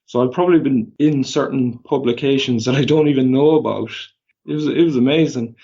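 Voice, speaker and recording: An Irish man, a podcast guest, telling animated stories casually and acting out the dialogue. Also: medium pitch, creaky, slightly rough. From Ireland. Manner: animated, quick anecdotes with quoted dialogue. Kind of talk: casual storytelling. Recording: slightly dull lo-fi audio.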